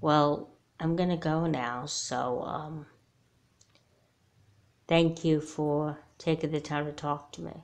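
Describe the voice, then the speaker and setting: A hesitant, apologetic adult kidnapper who speaks in a low, quiet voice, as a woman voices her. She sounds soft and unsure of herself. This is a homemade doll movie. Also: steady tone, slow pace, long pauses. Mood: remorseful.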